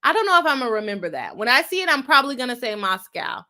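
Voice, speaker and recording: A woman's voice: high-pitched, sing-song, quick pace, sharp tone. A young woman, a lawyer hosting a livestream, chatting casually, reading viewer comments and laughing often at herself.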